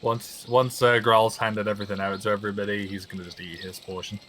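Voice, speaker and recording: A man chatting casually as a player in a tabletop game, relaxed and joking. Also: on the low side, a little fast, a little hiss or hum. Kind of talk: casual play chat.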